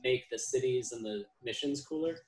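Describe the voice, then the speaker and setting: A game master in casual chat during a break, animated, cooing at a pet and swearing casually. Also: mid-range voice, normal speed, roomy sound, rough recording.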